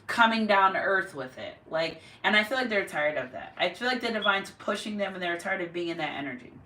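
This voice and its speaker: A woman's voice: medium pitch, animated, fairly quick, bright, forceful tone. A woman giving a casual tarot reading at home, emphatic and repeating her points. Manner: emphatic, repeats herself, chatty. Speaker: tarot card reader. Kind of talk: casual spiritual reading to camera. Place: home room. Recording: echoey room, mic far off.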